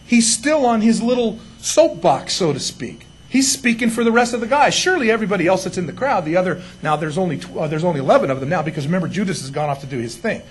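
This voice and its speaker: Male pastor, high voice, chatty sermon full of asides. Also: slight background noise. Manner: conversational preaching, many asides and rhetorical "right?".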